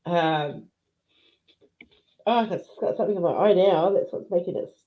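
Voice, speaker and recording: A woman's voice: fairly low pitch, unhurried, long pauses. A woman hosting a casual live chat with viewers, emotional and teary, greeting people by name. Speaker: livestream host. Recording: dull lo-fi stream audio.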